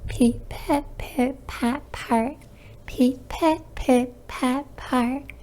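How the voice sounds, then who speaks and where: Woman, voice practice drill, slow deliberate word pairs, mellow, higher pitch. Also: fairly even intonation, a little hiss or hum. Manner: slow, deliberate minimal-pair repetition.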